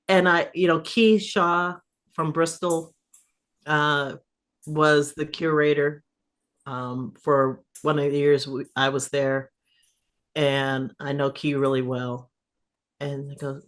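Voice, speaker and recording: A middle-aged woman, an improv festival curator, telling stories in a casual podcast interview, animated, laughing and swearing freely. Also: deep voice, slow pace.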